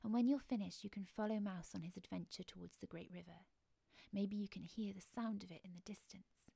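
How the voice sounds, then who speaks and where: A woman telling a story to the listener during an outdoor walk, gentle and often dropping to a whisper. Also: mid-range voice, a little fast, creaky, breathy edge, no echo. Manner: gentle, hushed, speaks to the listener. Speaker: storyteller and guide.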